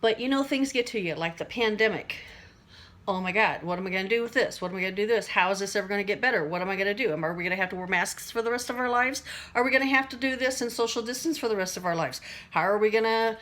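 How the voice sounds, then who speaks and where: A woman's voice: mid-range voice, quick pace, fairly bright tone. A middle-aged woman talking to camera in a casual, rambling way about everyday stress, acting out little voices and laughing at herself. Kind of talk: casual teaching monologue to camera.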